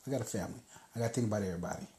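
A man's voice: lowish voice, rapid-fire, dark tone. A man hosting a podcast, telling a story in a loose, casual monologue and swearing freely. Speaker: podcast host. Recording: roomy echo.

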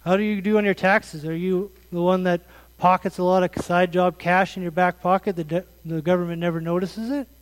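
A man's voice: sits high, fairly even intonation, a little fast, long reverb tail, poor audio. A man in his thirties preaching a conversational sermon, asking his congregation pointed, earnest questions. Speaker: pastor.

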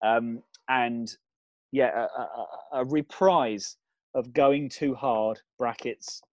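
A man co-hosting a comedy chat, rambling through an absurd film pitch with lots of ums. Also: slow, no room sound, muffled recording. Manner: rambling, builds absurd scenarios with fillers.

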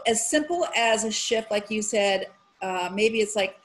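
Animated, frank woman in casual chat. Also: mid-range voice, moderate pace, poor audio. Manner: animated, frank, swears casually, acts out her inner voice.

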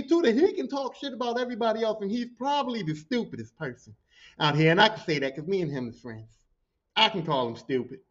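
A man hosting a podcast, telling work stories in a profane, animated way and acting out what people said. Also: high voice, dull audio. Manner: profane, animated, acts out quotes. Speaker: podcast host. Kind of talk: storytelling.

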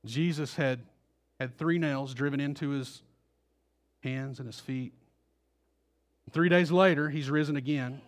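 A man's voice: mid-range voice, a little slow, pauses often. A male pastor preaching a sermon, acting out the quoted voices with rising intensity.

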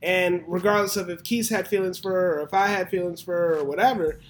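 A man with a notably high voice chatting casually. He talks bluntly, with lots of slang and cursing. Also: steady tone, quick pace, low-quality recording. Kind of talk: casual chat.

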